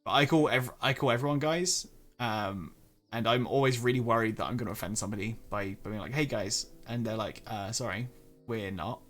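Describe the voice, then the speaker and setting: A man's voice: mid-range voice, fast, fairly bright tone, faint music behind. A man with an English accent hosting a livestream, chatting casually with frequent restarts. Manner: chatty, hesitant, self-correcting. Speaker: streamer host. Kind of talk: casual stream chat.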